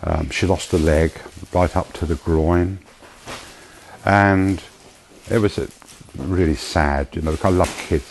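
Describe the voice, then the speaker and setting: A man with a very low voice tells a personal testimony, slow and tender as he recalls people he met. A faint hiss of noise sits under his voice. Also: fairly even intonation, vocal fry, rough recording. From United Kingdom. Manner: emotional storytelling, slow and tender. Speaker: charity founder giving testimony.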